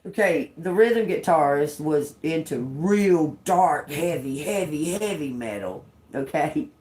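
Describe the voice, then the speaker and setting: A woman in her fifties chats to her livestream viewers in a low, very lively voice that leaps around as she talks. She laughs often and swears casually while rambling through a story. The sound bounces around an echoey room. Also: slow pace. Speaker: livestream host.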